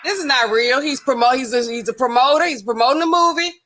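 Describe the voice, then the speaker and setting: Woman host, casual livestream chat, sassy and talkative, bright tone. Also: high-pitched, fast, slight background noise. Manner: chatty, sassy, talks to chat, laughs incredulously.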